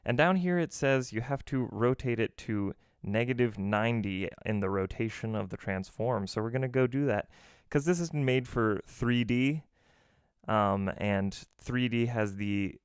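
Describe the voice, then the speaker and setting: A man's voice: mid-range voice, unhurried, clean tone, no echo, studio quality. A man hosting a casual, jokey screen-recorded game development tutorial, walking through each step with self-deprecating asides. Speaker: game dev tutorial host.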